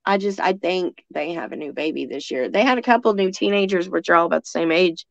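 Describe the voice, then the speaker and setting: A woman's voice: fairly low pitch, quick pace, gravelly, no room sound. A woman, a psychic medium, chatting casually in a rambling, laughing way. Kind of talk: casual chat. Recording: dull lo-fi dry sound.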